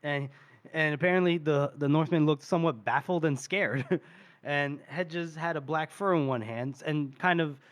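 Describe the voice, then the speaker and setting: A man's voice: a little high, normal speed, clean tone. A man co-hosting a podcast, animatedly retelling a story and laughing often. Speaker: podcast host. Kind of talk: casual chat.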